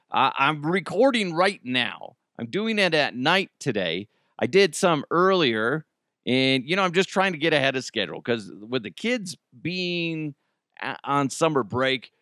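A man's voice: medium pitch, big pitch swings, a little slow, bright, forceful tone, dry recording, clean studio sound. A man hosting a casual podcast from home, rambling, joking and riffing. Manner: rambling, jokey, riffing into silly voices. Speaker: podcast host. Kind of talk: casual solo podcast chat. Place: home basement.

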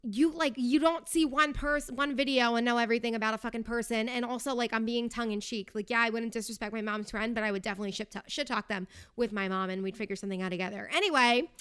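A woman's voice: fairly high pitch, steady tone, fast, hardly any pauses, fairly bright tone, smooth. A young woman hosting her own podcast, chatting casually in a sarcastic, tongue-in-cheek way. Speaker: podcast host. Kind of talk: casual solo podcast chat.

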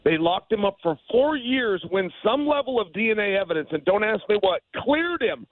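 A man, a former fighter as a guest, telling stories in a podcast interview, animated and emphatic. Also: high voice, normal speed, no room sound, low-quality recording.

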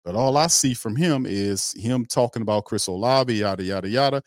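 A man's voice: mid-range voice, moderate pace, no echo, studio quality. A man hosting a sports fan livestream, ranting bluntly and mockingly with slang and cursing. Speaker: fan show host. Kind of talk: heated fan commentary on a livestream.

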